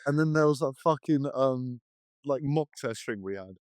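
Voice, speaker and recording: A young man swaps rowdy school stories on a podcast, cursing freely and mimicking the people he quotes. His voice sits at an ordinary middle pitch, and the sound is close and dry, with no room echo. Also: expressive, normal speed, darkish tone. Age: young adult. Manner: swears a lot, acts out quotes. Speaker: podcast co-host. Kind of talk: casual chat, storytelling.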